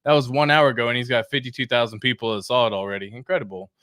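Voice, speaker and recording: An excitable young man chats through a casual livestream, full of slang and shout-outs to viewers by name. His voice sits in an ordinary middle register. The sound is dry and close, with no room echo. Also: medium pitch, very fast. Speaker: crypto livestream host.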